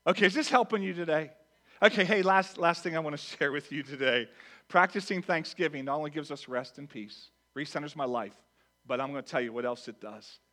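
Male pastor, sermon, high bright voice, shifts between soft asides and loud quotes. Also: fairly quick. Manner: animated, swings from hushed to loud acted quotes. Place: church with congregation.

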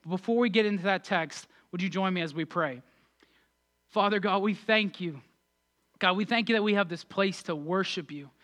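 A man pastor preaching a sermon and leading prayer, energetic and emphatic with fervent peaks. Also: high voice, normal speed.

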